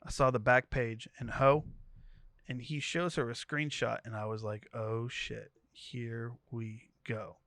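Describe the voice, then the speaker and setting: A man's voice: mid-range voice, level tone, a little slow, fairly bright tone, no room sound, studio quality. A man co-hosting a podcast, reading a profane story thread aloud and quoting each character in turn. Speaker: podcast co-host.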